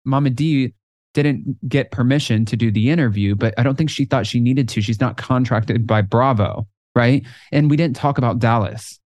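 On a casual podcast, a male co-host tells stories with animation, acting out the quotes. His voice is mid-range and his pace moderate, captured in a dry, studio-quality recording.

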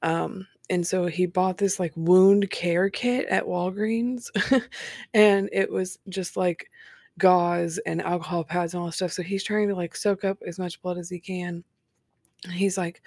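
A woman telling her own story in a candid, matter-of-fact way with dark humor. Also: fairly low pitch, steady tone, unhurried, dry recording, studio quality. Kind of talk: personal storytelling, casual.

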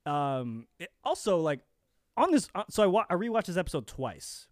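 A man's voice: sits high, sing-song, normal speed, no room sound, clean studio sound. A man co-hosting a podcast in casual chat, rambling with frequent restarts. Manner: rambling, restarts often, laughs. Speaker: podcast co-host.

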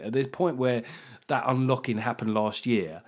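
A man's voice: mid-range voice, a little fast. Sweary, self-mocking man hosting a podcast. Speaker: podcast host. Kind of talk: solo comedy podcast monologue.

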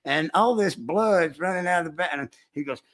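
Bright-voiced older man spinning a yarn. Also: on the high side, normal speed. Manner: folksy rural drawl, animated when retelling shouts. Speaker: storyteller recounting hunting trips. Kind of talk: casual storytelling chat.

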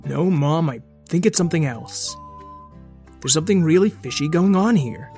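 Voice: medium pitch, animated, moderate pace, darkish tone, faint music behind, lightly acted. A performer voicing a precocious boy who insists earnestly that something is wrong. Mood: insistent.

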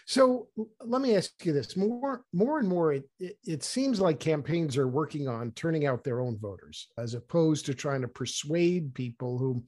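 A man's voice: fairly high pitch, animated, normal speed, few pauses, a little mellow. A man hosting an interview, asking a thoughtful question and explaining it with figures. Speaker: interview host.

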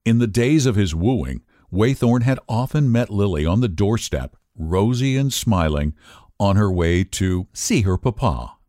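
Low, lively male audiobook narrator. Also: no room sound, clean studio sound. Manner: measured, expressive reading. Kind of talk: scripted narration of a classic novel.

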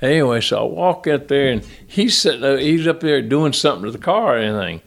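An older man with a drawl spins folksy stories as an interview guest. His voice is gravelly and creaky, at an ordinary pitch for a man. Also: a little fast. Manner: folksy, animated yarn-spinning with acted quotes. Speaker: guest, former crew chief. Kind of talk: storytelling interview.

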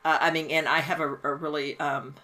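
A woman who teaches, talking casually about a film in a halting, emphatic way with many restarts. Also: low-pitched, little pitch movement, bright, forceful tone. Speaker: teacher and podcast co-host.

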